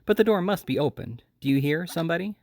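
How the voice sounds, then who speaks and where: A man's voice: on the high side, lively intonation, fast talker, no room sound, studio quality, voice pushed up. A man reading the lines of a pompous middle-aged male butler in an audiobook, telling his tale with boastful drama.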